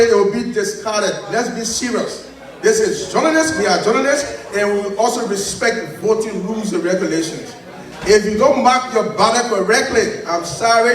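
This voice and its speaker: A man's voice: sits high, fairly bright tone. A man, firmly repeating instructions as an election commissioner at a convention meeting. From Liberia. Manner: firm, repetitive, giving instructions. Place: large convention hall. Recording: very echoey hall, far from the mic.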